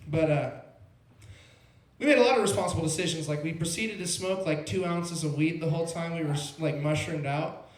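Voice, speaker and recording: A young male comic rambles through a laid-back stand-up story, his voice sitting a little high. The sound is roomy, like a small club. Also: brisk. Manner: rambling, laid-back, heavy on filler "like" and "bro". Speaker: open mic comedian.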